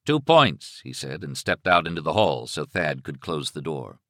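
A man narrating a novel in an expressive, dramatic reading. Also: a bass voice, normal speed, dry recording, studio quality. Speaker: audiobook narrator. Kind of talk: scripted narration.

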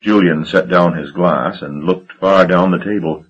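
A man narrates an audiobook in a measured, dramatic way. His voice is deep and husky. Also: highs cut off. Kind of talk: scripted narration.

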